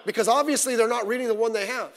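A middle-aged man preaching a sermon as pastor, animated and wry, with many rhetorical questions. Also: very high-pitched, fast, in a large hall. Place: church sanctuary.

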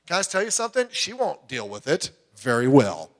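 A middle-aged man preaching a sermon, emphatic, swinging between loud urging and quiet asides. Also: mid-range voice, wildly swooping pitch, fairly quick. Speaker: pastor.

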